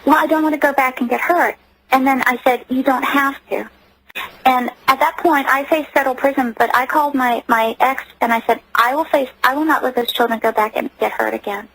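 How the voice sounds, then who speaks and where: A woman's voice: sits high, fairly even intonation, a little fast, gravelly, a bit bright, husky, no room sound, low-quality recording. Earnest woman telling her story. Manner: earnest, emotional storytelling with many restarts. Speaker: interview guest. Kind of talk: personal testimony in a radio interview.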